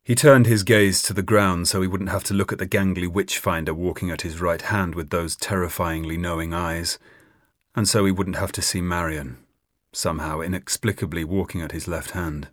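A man narrating an audiobook in an expressive reading. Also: deep voice, moderate pace, no room sound, studio quality. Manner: expressive, voices many characters.

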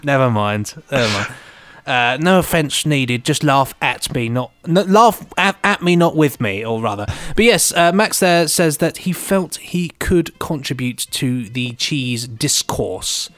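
A man's voice: medium pitch, animated, unhurried, fairly bright tone, no room sound. A man co-hosting a podcast, chatting casually and reading out listener emails with a rambling, self-mocking manner. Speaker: podcast co-host.

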